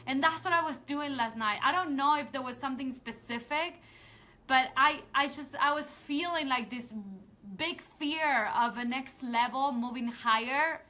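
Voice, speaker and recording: A woman speaks straight to her online viewers in a casual live stream, earnest and heartfelt. Her voice is bright and forceful and sits a little high, and she rambles and restarts her sentences before rallying her audience with rousing calls to action. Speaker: women's empowerment coach hosting a live video.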